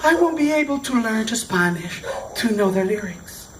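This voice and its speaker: A man's voice: sits high, lively intonation, moderate pace, fairly bright tone. A man voicing an elderly foreign woman who speaks in a sweet, gushing, sing-song way during a live story. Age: older. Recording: distant mic with background noise.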